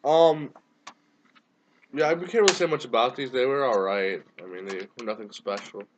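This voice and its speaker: A man's voice: medium pitch, normal speed, dull audio, noisy background. A man casually co-hosting a review chat, hesitant and full of ums and restarts, sounding tired. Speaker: co-host reviewing a TV series.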